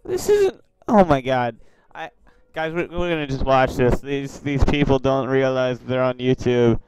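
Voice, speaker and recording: A man's voice: mid-range voice, steady tone, normal speed, a little mellow, clean tone, poor audio. A man who makes online videos, giving casual commentary on video chats and reacting to viewers with exclamations and asides. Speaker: YouTuber.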